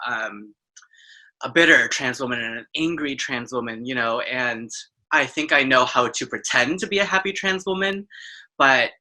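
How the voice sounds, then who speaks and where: Very deep yet pushed and bright, this voice belongs to a trans woman acting as host in a relaxed interview conversation. Her talk runs long and gushing, full of "like" and "you know" fillers.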